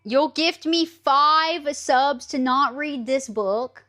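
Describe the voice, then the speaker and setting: Woman streamer in her 30s, teasing chat, kinda high voice, faint music under it. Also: slow. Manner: animated, teasing, swears casually.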